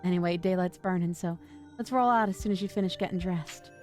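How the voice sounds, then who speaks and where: A woman's voice: lowish voice, brisk, darkish tone, soft background music, close to an everyday voice. A woman voicing an upbeat cryptid-loving young woman. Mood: chatty. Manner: friendly, encouraging.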